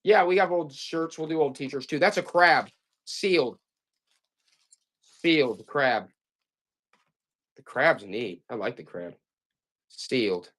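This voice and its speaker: A man runs a live stream auction of vintage items, talking viewers through the goods in repetitive, hyped-up patter. His mid-range, slightly bright voice has lively intonation, but he speaks slowly with long pauses.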